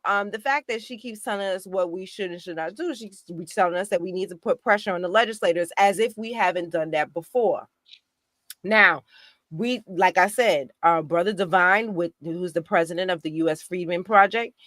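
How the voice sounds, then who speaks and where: A woman's voice: mid-range voice, normal speed, no room sound. Fired up woman ranting on a call, lots of restarts, dry sound. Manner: animated, indignant, many restarts. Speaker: guest activist. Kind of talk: casual political discussion.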